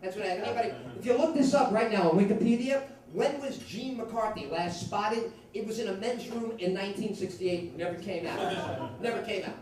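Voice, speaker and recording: A man's voice: high-pitched, moderate pace, hardly any pauses, distant mic. A man performing a rambling, profane stand-up comedy set on a club stage. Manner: profane, rambling, animated storytelling. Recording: echoey club recorded from afar.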